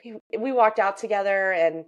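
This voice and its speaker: A young adult woman from Central Florida, co-hosting a podcast in a relaxed, chatty way. She tells her stories animatedly, acting out what other people said and often breaking into laughter. Her voice sits at a middle pitch. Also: normal speed, dull audio. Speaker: podcast co-host. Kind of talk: casual chat.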